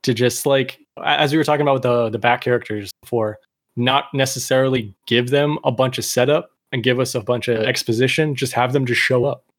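Male co-host, relaxed and rambling, everyday mid-pitch, dry. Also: brisk, no echo. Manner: laid-back, slangy, rambling. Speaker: podcast co-host. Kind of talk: casual chat.

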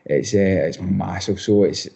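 A man's voice: low-pitched, a little slow, creaky, dark tone. A young Scottish man, a footballer being interviewed, chatting casually with lots of restarts and repeated words. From Scotland. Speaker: footballer guest.

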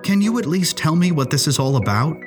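Here is a timid, stammering young fellow from a storybook, voiced by a male narrator. He is pitched noticeably higher than the narrator's own voice, with questions that jump up in nervous bursts. He whines anxiously and hesitates before he commits to anything. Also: expressive, fairly quick, music in the background, natural voice.

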